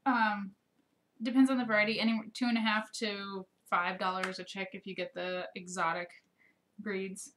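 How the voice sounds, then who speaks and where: A woman from Wyoming co-hosts a live ranch chat at a medium pitch. She explains things plainly, in a chatty, matter-of-fact way. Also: flat delivery, normal speed, a bit bright, slight background noise. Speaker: co-host of a live ranch show. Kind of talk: casual live-stream chat.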